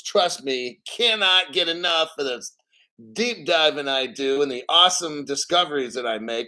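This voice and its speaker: A man a touch higher than most men, hosting a loose, rambling crypto livestream. He is a little out of breath and talks in a jokey, offhand way while reading viewer donations into a desk mic. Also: sharp tone.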